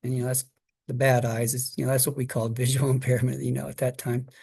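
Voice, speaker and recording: A middle-aged man tells a childhood story in a relaxed, conversational way, with plenty of fillers and restarts along the way. His voice sits at an ordinary, medium pitch, and he slips briefly into higher quoted voices. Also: quick pace, creaky, breathy edge. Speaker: guest speaker. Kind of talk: personal story told to an audience.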